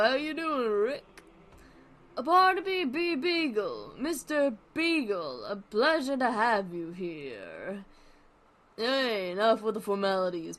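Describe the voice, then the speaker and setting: A woman's voice: on the high side, full character voice. A woman voicing a brash, wisecracking male cartoon dog comedian with a New York accent. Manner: loud, joking, showbiz patter.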